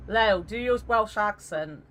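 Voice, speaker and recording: A woman's voice: medium pitch, a little slow, fairly bright tone. A woman streamer in casual voice chat during a game stream, rambling and joking, swearing freely.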